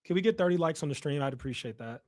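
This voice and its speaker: A young man from Chicago hosts a relaxed livestream, reading comments and jokingly ribbing his viewers. He races along in a fairly high voice that is animated and a little mellow.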